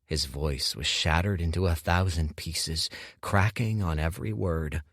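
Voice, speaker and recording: A man reading an audiobook in measured scripted narration. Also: low-pitched, fairly bright tone, no room sound, clean studio sound.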